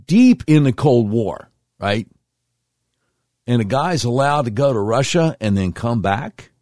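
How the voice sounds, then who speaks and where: A man's voice: medium pitch, animated, a little slow, darkish tone, no room sound, studio quality. A middle-aged man hosting a talk radio show, commenting with emphatic, incredulous asides.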